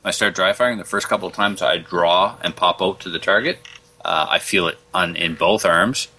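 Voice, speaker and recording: A man's voice: deep voice, normal speed, pushed and bright, breathy edge. A man co-hosting a casual podcast, chatting in an easygoing way and laughing easily. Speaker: podcast co-host.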